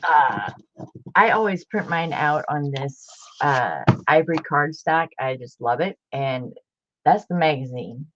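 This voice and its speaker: A chatty woman hosts a homemade craft video, talking loosely to her viewers and circling back with lots of fillers. Her voice sits a little low, and the home-camera sound is dull and muffled. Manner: chatty, rambling, with many fillers and restarts. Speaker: craft channel host. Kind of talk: casual chat to viewers.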